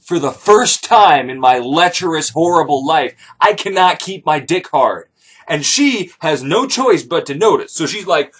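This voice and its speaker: A male comic storyteller retelling an old tale in the first person. He is loose and profane and goes off on rambling jokes. His pitch sits slightly high and swings widely. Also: animated, normal speed, fairly bright tone, breathy edge. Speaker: comedic storyteller.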